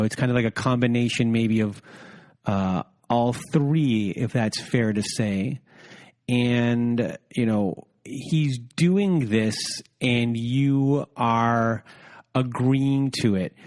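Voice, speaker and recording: Slow, thoughtful male podcast host. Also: mid-range voice, a little mellow. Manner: searching for words, reflective summarizing. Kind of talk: interview questions.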